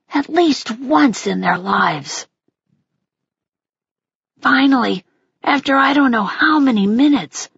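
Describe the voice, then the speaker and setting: A woman narrating a first-person audiobook in a gentle, unhurried way. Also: on the high side, breathy edge, no echo, highs cut off.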